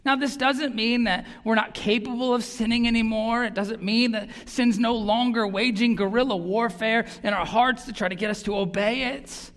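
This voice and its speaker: Preaching a sermon in a large hall with long reverb, this pastor speaks in a mid-range voice at a moderate pace, with fairly even intonation and few pauses. He is earnest and emphatic, frequently repeating words for stress.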